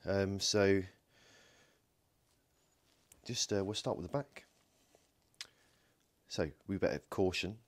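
In his home workshop, a low-voiced man who hosts DIY electronics videos talks his way through a casual teardown, taking it slowly and pausing often. He cracks jokes, thinks out loud while working, and keeps saying "um" and correcting himself.

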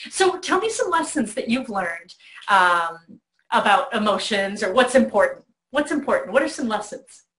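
A middle-aged woman hosting a talk, telling a lively story to a child in a bedroom. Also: mid-range voice, normal speed, roomy sound. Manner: animated storyteller, acts out voices in quotes. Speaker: host. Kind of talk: warm storytelling to a child on video.

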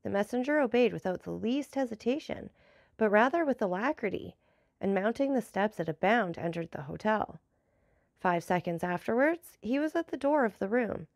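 A woman narrating a classic novel as an audiobook in an even storytelling delivery. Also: medium pitch, moderate pace, gravelly, no echo, studio quality.

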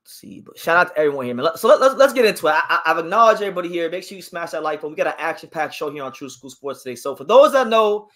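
A man's voice: a little high, expressive, rapid-fire, hardly any pauses, fairly bright tone. A man hosting a casual boxing livestream, reading viewer comments aloud and giving his opinions on fighters. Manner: chatty, reads viewer comments aloud and reacts. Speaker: boxing channel host.

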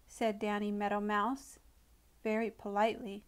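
Storyteller: a woman with a fairly high voice, reading a children's tale slowly and expressively. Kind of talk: storybook read-aloud narration.

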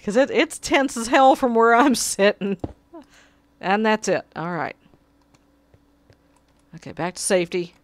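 A woman's voice: medium pitch, animated, measured pace, long pauses, no room sound. A woman giving casual gameplay commentary, muttering to herself and pleading with her cat at her desk. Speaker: gamer.

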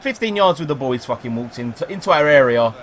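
An English gaming YouTuber commentates live on his own football video game, excitable and swearing. He swings between yelling at the players and deflated muttering, in a mid-range voice at a fast pace.

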